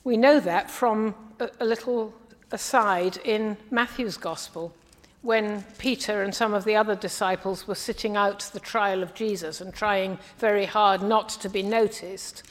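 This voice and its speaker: A woman from the English Midlands preaching a sermon in a measured, earnest way, often trailing off softly at the ends of phrases. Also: medium pitch, fairly even intonation. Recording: long hall reverb.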